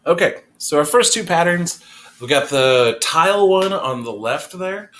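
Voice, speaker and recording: A man's voice: on the high side, expressive, unhurried, a bit bright. A man teaching an art class, explaining design principles in a casual, conversational way with fillers, recorded in a classroom. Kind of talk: classroom lecture.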